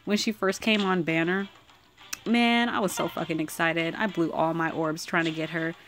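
A woman giving casual commentary while pulling characters in a mobile game, excitable and swearing freely, swinging from squeals to mutters. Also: fairly low pitch, moderate pace, slight background noise. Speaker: mobile game summoning vlogger.

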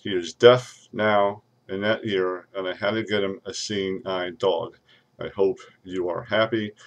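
A man's voice: low-pitched, steady tone, a little slow, muffled recording. A man playing a pompous, irate lawyer who rants and threatens to sue everyone, recorded on a webcam. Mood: ranting. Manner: ranting, threatening lawsuits, sudden shouts. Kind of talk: comedic webcam character rant.

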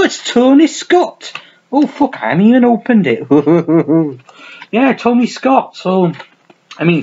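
Talking casually to camera from a small, cozy room at home, a man rambles about his film collection with swearing, frequent restarts and jokes at his own expense. His voice sits fairly high, and the audio is dull with a faint hiss or hum.

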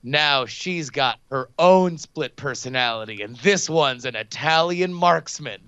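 A man hosting a casual podcast chat, animated and joking, swearing freely. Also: mid-range voice, unhurried, clear, resonant tone, no echo, dull audio. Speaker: podcast host.

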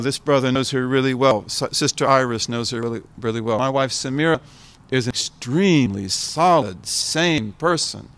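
In an informal talk, a seventy-something American scholar speaks to the audience as a guest. His pitch is medium, and his manner is reflective, with phrases repeated for emphasis.

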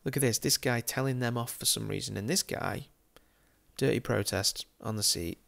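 Touring a city virtually, an Englishman who makes football game videos on YouTube chats along with amused, casual remarks, frequent laughter, and playful asides. He speaks at normal speed in a medium pitch, his voice creaky with a fairly bright tone.

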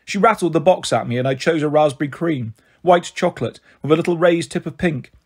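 Male audiobook reader, steady, breathy tone. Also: fairly high pitch, brisk. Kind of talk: storybook narration.

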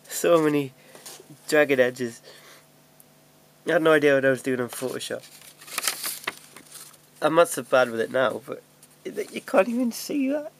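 With a medium-pitched voice and a bit of hiss or hum behind him, a young male vlogger rambles chattily at home as he sorts DVDs. He's self-deprecating, laughs a lot and keeps restarting his sentences.

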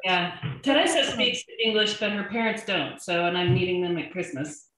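A middle-aged woman in a beginner class, chatting in a slow, friendly way. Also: on the low side, expressive, noisy background. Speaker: student. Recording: very echoey room.

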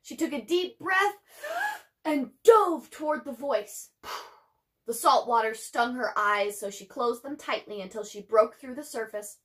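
A woman teacher reads a children's novel aloud with lively expression, her voice sitting a little high. She breaks off now and then for chatty asides to her students. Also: unhurried.

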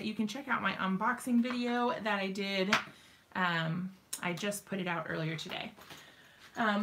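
A woman's voice: mid-range voice, a bit bright, a little hiss or hum. A woman in her thirties chatting casually on a craft live stream from her home craft room, laughing often and apologizing, with plenty of fillers, sometimes out of breath and moving nearer to or farther from the mic.

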